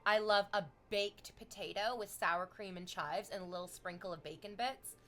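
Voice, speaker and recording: Animated woman streamer, bright voice. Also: medium pitch, moderate pace, soft background music. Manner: animated, exclaims and drifts into tangents. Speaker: streamer reading chat. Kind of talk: casual livestream chat.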